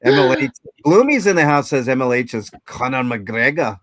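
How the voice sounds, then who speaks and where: A man hosting a casual group chat, reading viewer comments aloud with animated, laughing delivery. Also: medium pitch, moderate pace, no echo. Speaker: podcast host.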